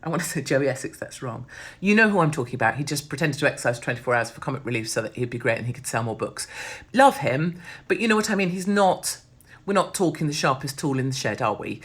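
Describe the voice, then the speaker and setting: A middle-aged woman rants in a blunt, sardonic monologue, swearing freely. Her voice sits low for a woman. She speaks close to the mic. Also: animated, fast talker, slightly rough. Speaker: host. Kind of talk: casual monologue.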